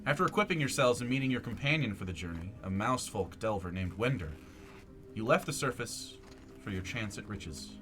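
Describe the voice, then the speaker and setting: A man serving as game master reads a dramatic recap of the story so far. His pitch moves a lot. Music plays clearly beneath his voice. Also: animated, fairly quick. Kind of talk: narrating a tabletop game.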